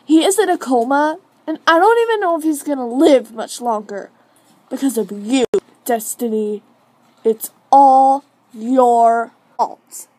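A woman's voice: high-pitched, moderate pace, no echo, poor audio. Woman doing an earnest pleading girl pet. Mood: reproachful. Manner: pleading, reproachful. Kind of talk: fan toy drama acting.

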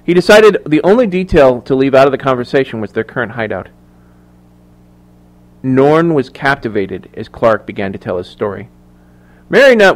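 A man narrating a thriller audiobook in measured, even storytelling. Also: medium pitch. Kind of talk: scripted narration.

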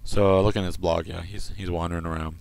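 A man hosting an internet radio show, reading odd news stories in a rambling way and slipping into soft asides. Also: low voice, flat delivery, quick pace, vocal fry.

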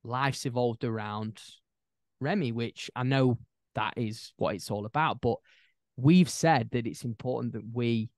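A young man, a new dad and podcast guest, chatting casually and telling animated, rambling stories. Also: mid-range voice, a little slow, no room sound, studio quality. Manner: animated storyteller, rambling with restarts. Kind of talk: casual chat.

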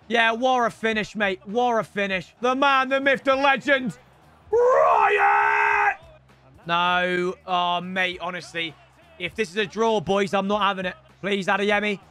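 A young man with a very high, bright voice commentates his gameplay live, swinging between loud outbursts at the match and chatty banter with viewers. His pitch jumps around a lot, and faint music plays underneath. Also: a little slow. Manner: excitable, yells at the game, chatty banter to viewers. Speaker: gaming YouTuber.

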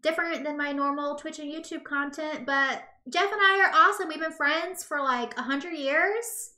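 A woman's voice: high voice, normal speed, sharp tone, reverberant. A young woman hosting a casual live-stream talk show, chatty and giggly.

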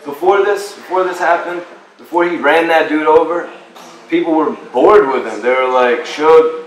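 A man's voice: fairly high pitch, normal speed. A man interviewing in casual chat, opinionated and musing in long runs. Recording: roomy echo, distant mic, faint hum.

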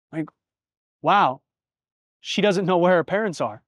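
A man in his thirties with a fairly high, fairly bright voice hosts his own reflective solo podcast, telling stories earnestly and from the heart with casual swearing. He's unhurried, leaving long pauses, and the sound is dry and close with no room echo.

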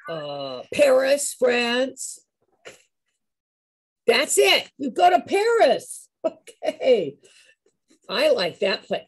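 A woman's voice: mid-range voice, a little mellow, husky. A woman leading a live singing and movement class, upbeat and coaxing as she calls on people by name.

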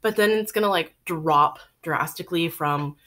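A woman's voice: low-pitched, normal speed, pushed and bright. A woman in her thirties hosting a casual crochet podcast from home, chatty and rambling with many ums, a little out of breath. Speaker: podcast host. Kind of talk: casual chat.

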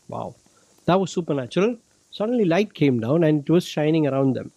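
A man's voice: on the high side, big pitch swings, normal speed, dark tone, dry recording, low-quality recording. A man from India teaching a Bible lesson to children, patiently explaining and checking in with "okay?". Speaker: youth ministry director teaching a Bible club.

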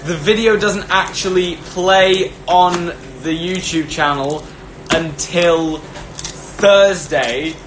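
A young man chatting casually on a phone live stream, giggly and rambling, often restarting his sentences. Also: fairly high pitch. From Britain. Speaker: host of an Instagram live stream. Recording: echoey room, background noise.

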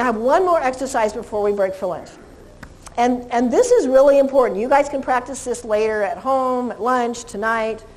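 A woman dog trainer giving a seminar lecture to a live audience, animated and laughing, singing names in a high voice. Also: rough recording.

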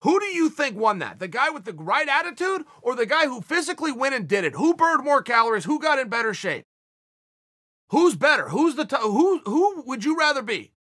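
A man's voice: very high-pitched, sing-song, fairly quick, pushed and bright, no room sound, clean studio sound. A man giving a blunt, emphatic motivational speech, swearing now and then for emphasis. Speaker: motivational speaker.

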